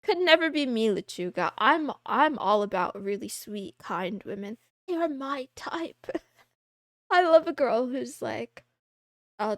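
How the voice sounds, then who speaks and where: A young woman VTuber chatting casually with her live chat, playful and quick to laugh. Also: high voice, no echo, clean studio sound. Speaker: VTuber streamer.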